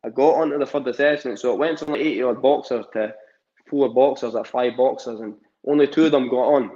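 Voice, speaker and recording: A man's voice: medium pitch, a little fast, warm tone, lo-fi sound. Young Scottish man, rambling chat. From Scotland. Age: young adult. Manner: rambling, many fillers and restarts. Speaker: amateur boxer, guest. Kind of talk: casual interview chat.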